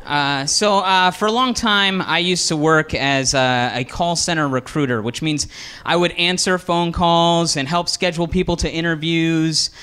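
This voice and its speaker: A man doing a stand-up comedy routine, telling a story in a halting way with frequent "uh"s. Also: on the high side, sharp tone, smooth. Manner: halting, restarts with filler "uh". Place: comedy stage with live audience.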